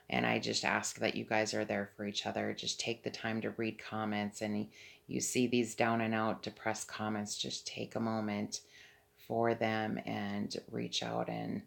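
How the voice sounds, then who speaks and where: A woman's voice: very deep voice, gravelly. A middle-aged woman, owner of an assisted living home, earnestly telling her viewers a spiritual testimony in a casual way. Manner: earnest, emphatic, keeps addressing viewers directly.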